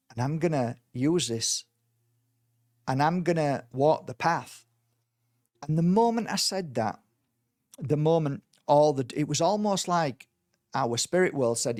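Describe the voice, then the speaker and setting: A man, a spiritual teacher, telling a personal story in a casual way and acting out the quoted dialogue with lively energy. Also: on the high side, measured pace, long pauses, dry recording, clean studio sound. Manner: animated, acts out quoted dialogue.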